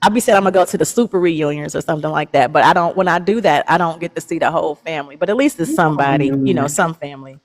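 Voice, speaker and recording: A woman's voice: low voice, rapid-fire, hardly any pauses. A woman hosting a casual, heartfelt chat, affirming her guest and laughing often, with speech. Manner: warm, affirming, laughs often, Southern Black American vernacular. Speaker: host.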